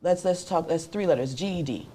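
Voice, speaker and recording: A woman's voice: fairly low pitch, lively intonation, fairly quick, mellow. A woman interviewing a guest in a chatty, conversational way, often breaking in with short agreements.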